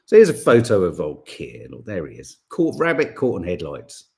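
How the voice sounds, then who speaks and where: Lively, rambling man. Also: low-pitched, normal speed, vocal fry. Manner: rambling, animated, full of restarts and asides. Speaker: podcast host. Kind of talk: casual chat reading viewer comments.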